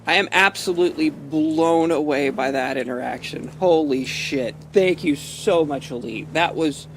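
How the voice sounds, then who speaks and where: A man with a fairly high-pitched voice chats to his stream while driving in a role-play game, rambling and swearing as he laughs things off. A quiet hum of game engine noise runs beneath him. His talk is loose, casual and unscripted. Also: measured pace, hardly any pauses. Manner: rambling, profane, laughs often. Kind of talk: out-of-character gameplay commentary.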